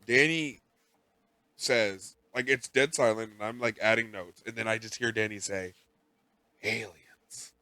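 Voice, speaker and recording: A man with a bright, forceful voice co-hosts a casual podcast, recapping an episode in a rambling, animated way. The mic is close and dry, with no room sound. He jumps into character quotes now and then. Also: on the low side, normal speed, dry recording. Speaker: podcast co-host.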